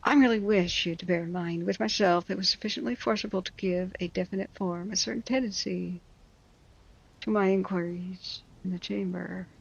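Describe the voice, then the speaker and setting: Woman, story reader, wry mocking asides, explains old words, gravelly, muffled lo-fi recording. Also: mid-range voice, steady tone, normal speed. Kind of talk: reading a classic story aloud with asides.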